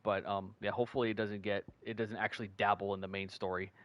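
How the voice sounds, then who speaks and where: A man's voice: lowish voice, level tone, fast talker, no echo, lo-fi sound. A man casually chatting and rambling as he streams a video game, with many fillers and restarts. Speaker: gaming streamer. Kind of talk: casual let's-play commentary. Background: game music.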